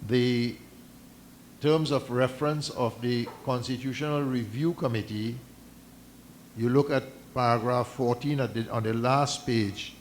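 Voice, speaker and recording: A man speaking formally at a community meeting, measured and deliberate, stopping and restarting as he reads out a document. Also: medium pitch, steady tone, a little hiss or hum. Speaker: mosque community representative addressing a meeting. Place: islamic centre meeting hall.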